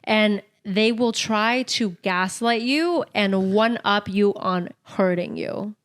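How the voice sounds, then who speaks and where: A woman's voice: medium pitch, slow. A young woman co-hosting a casual podcast chat, teasing her friend and laughing often. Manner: giggly, teasing, frequent laughter. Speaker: podcast co-host.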